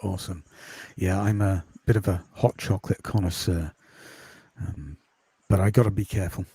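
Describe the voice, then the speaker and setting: A man from the UK, a podcast host and course creator, chatting in a quiet, calming voice with many ums in a casual interview over a video call. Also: low voice, moderate pace, creaky, breathy edge, no echo. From United Kingdom.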